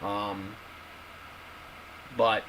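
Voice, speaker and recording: A man's voice: fairly low pitch, little pitch movement, drawn-out words, pushed and bright, slight background noise, poor audio. A man in casual video commentary, talking to his viewers and repeating his points emphatically. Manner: repetitive, emphatic, addresses viewers as guys. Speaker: YouTube commentator.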